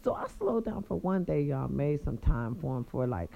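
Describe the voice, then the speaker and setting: A woman telling viewers a personal story in a casual, animated, profane way. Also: sits low, normal speed, gravelly, muffled recording.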